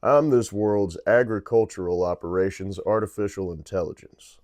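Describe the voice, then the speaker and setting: A cheery male planetary AI greeter, as a man reads it aloud, welcoming newcomers with upbeat, official enthusiasm. The voice sits low and deep, with a bright announcer's push on every phrase. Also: normal speed, no room sound, studio quality, close to an everyday voice. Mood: enthusiastic.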